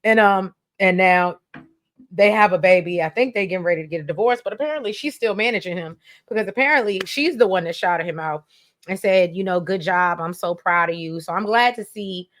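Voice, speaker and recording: Brief: woman gossip co-host, lower voice, animated and chatty. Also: fairly quick. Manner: chatty, animated, laughs often. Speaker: podcast co-host. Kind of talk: casual gossip chat.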